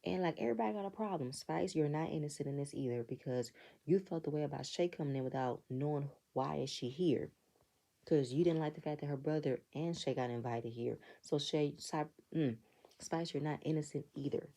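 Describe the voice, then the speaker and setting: A woman's voice: low voice, fairly quick, gravelly, warm tone. A woman casually recapping a reality show in blunt, profane, exasperated commentary. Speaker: reality TV reviewer.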